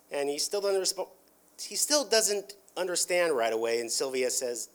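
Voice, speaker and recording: Rambling man, slightly high voice. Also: normal speed. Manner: rambling, heavy on filler words and restarts. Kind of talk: casual retelling of a cartoon episode.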